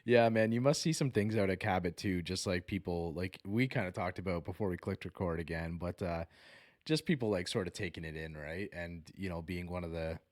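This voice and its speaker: A man's voice: sits low, a little fast. A man hosting a podcast, chatting casually and rambling a little, with many fillers. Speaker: podcast host. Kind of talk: casual chat.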